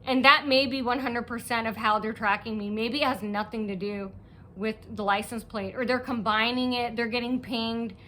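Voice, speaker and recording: A woman's voice: fairly high pitch, fairly even intonation, normal speed, a bit bright, a little hiss or hum. A woman vlogger telling a long, aggrieved story in a restless, rambling way, often restarting her sentences. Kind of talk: rambling personal monologue.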